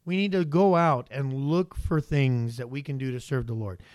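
A man's voice: mid-range voice, normal speed, a little mellow, dry recording. A male pastor preaching a sermon in a conversational way, often turning to the congregation with rhetorical questions.

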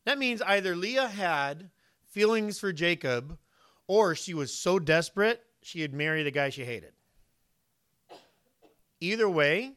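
A man preaching in a high, bright voice poses questions to his listeners and acts out the voices of people in the story. The recording is close and dry, with no echo or room around it.

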